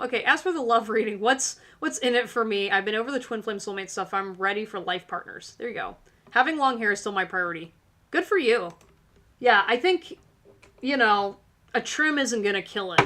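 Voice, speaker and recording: Woman, tarot reader host, chatty and encouraging, bright voice. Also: medium pitch. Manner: chatty, filler-heavy, encouraging. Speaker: tarot reader hosting a live stream. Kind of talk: casual live-stream tarot reading.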